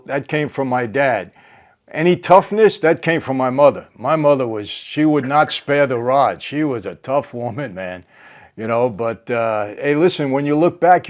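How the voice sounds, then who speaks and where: An older man hosting a casual interview, talking haltingly with many fillers and restarts. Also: a little high. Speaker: host.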